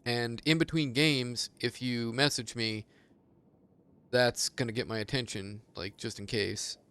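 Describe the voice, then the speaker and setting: A man's voice: mid-range voice, steady tone, a little slow, bright, forceful tone, clean tone. A man chatting casually on his game stream, rambling, swearing freely and laughing often. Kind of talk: casual gaming stream chat.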